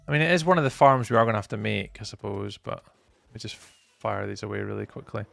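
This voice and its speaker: A man's voice: lowish voice, fast talker, vocal fry, fairly bright tone, dry recording, faint music behind. A man streaming a game, chatting casually with his viewers while he plays. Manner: chatty, talks to chat while playing. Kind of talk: casual live-stream chat.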